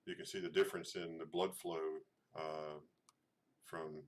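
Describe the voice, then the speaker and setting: A middle-aged channel host chats casually with his livestream audience while showing photos, rambling with lots of fillers and restarts. His voice is very deep and level in tone, and he takes his time.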